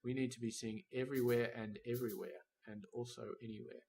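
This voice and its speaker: A man talks through a factory-building game in a relaxed, rambling way. His voice sits at an ordinary middle pitch as he weighs options aloud and now and then scolds the game's robots and trains. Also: brisk. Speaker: gameplay commentator. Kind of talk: casual let's-play commentary.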